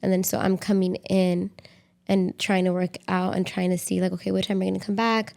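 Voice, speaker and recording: Co-host: young woman, easygoing rambling chat, gravelly vocal fry. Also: mid-range voice, flat delivery, a little fast, darkish tone. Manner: chatty, rambling, lots of "like". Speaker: podcast co-host. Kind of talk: casual conversation with partner.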